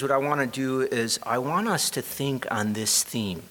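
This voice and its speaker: A male pastor preaching a sermon in a church, earnest and unhurried, with pauses and repeated phrases. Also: medium pitch, a bit bright, a little hiss or hum, low-quality recording.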